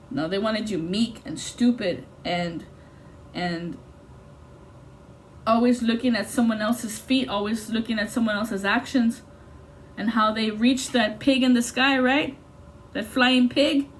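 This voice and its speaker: A woman's voice: fairly high pitch, slight background noise. A woman giving an intuitive tarot reading in an intense, blunt and profane way. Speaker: tarot reader.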